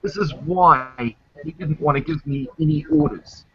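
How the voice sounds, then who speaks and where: A man's voice: fairly high pitch, moderate pace, husky, muffled recording. A man chatting casually on his stream, indignant and swearing freely. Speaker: streamer host. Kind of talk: casual chat.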